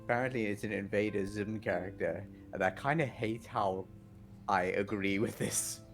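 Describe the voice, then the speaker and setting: A man with a low, gravelly voice chimes in on a live stream. He reads chat comments aloud and adds relaxed, wry remarks. Faint music sits in the background. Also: moderate pace. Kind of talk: casual chat.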